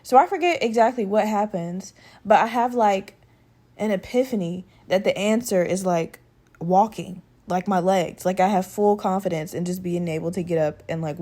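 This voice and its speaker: A woman hosting her own podcast in a casual, rambling, profane chat, her voice still a little rough from a respiratory infection. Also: fairly low pitch, warm tone. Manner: rambling, profane, conversational, with many fillers. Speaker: podcast host.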